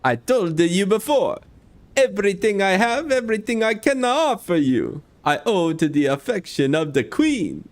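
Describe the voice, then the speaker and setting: A man voicing a lovesick male letter writer in a put-on mock Italian accent, high and theatrical. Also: sing-song, moderate pace. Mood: pleading.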